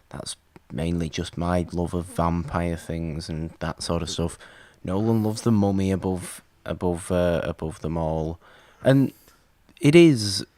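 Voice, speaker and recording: A man's voice: sits low, dry recording. A man co-hosting a casual movie podcast, teasing his friend in a dry way. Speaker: podcast co-host.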